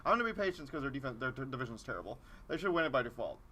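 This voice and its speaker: Young male co-host, rapid-fire, bright-toned, trips over restarts while steering the talk. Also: medium pitch, big pitch swings, a little hiss or hum. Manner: quick, stumbling restarts, sets up questions. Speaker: podcast co-host leading the segments. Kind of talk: casual sports talk. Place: campus TV studio.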